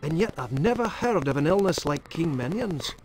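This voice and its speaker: A man's voice: fairly high pitch, big pitch swings, moderate pace, a little mellow, soft background music, low-quality recording. An actor playing a kindly, fussy male village herbalist in an adventure game, with a broad stage Scottish accent. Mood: earnest. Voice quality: broad put-on brogue.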